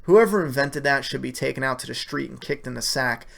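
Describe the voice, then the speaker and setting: A man's voice: mid-range voice, brisk, vocal fry, a bit bright. A man hosting a casual live stream, reading viewer questions and giving blunt, profane opinions with lots of fillers. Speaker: livestream host answering viewer questions.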